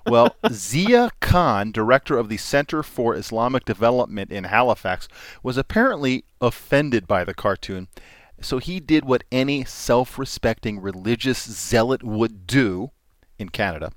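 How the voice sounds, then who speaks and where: A man's voice: mid-range voice, animated, moderate pace, dry recording. Male podcast host, casual news-reading delivery, dry studio sound. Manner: reads news items with dry jokes and laughs.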